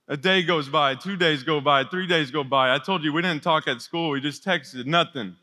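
Bright-voiced young youth pastor in a hall. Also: male voice, high voice. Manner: energetic, chatty storytelling to teens. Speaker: youth ministry coordinator. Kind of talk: youth sermon with personal story. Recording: long hall reverb.

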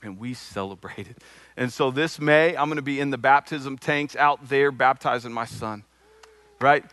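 A man's voice: mid-range voice, moderate pace, a bit bright, no room sound. A middle-aged man giving an earnest sermon testimony from the pulpit, telling a personal story with frequent repeated words. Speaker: church speaker.

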